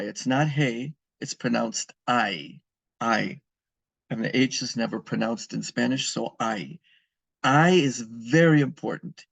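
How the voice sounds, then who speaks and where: A man's voice: mid-range voice, vocal fry, dry recording. A man teaching a beginner language lesson, patiently repeating and spelling out words for his students. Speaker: Spanish teacher. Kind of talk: recorded classroom lesson.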